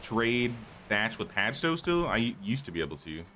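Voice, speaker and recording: A man's voice: on the low side, sing-song, moderate pace, sharp tone, slight background noise. A man casually talking through a live game stream, thinking aloud and greeting viewers, his voice a bit worn. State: slightly losing his voice.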